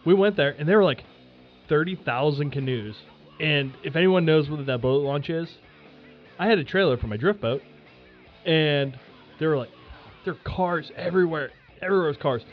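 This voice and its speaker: A podcast host spinning a casual story, animated and swearing freely with lots of fillers. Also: male voice, fairly high pitch, muffled recording.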